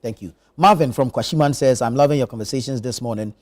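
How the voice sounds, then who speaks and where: A man's voice: mid-range voice, fast. A man hosting a morning news review panel, reading out viewer messages and steering the talk. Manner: reads viewer messages, brief affirming murmurs. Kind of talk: morning show panel moderation. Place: TV studio.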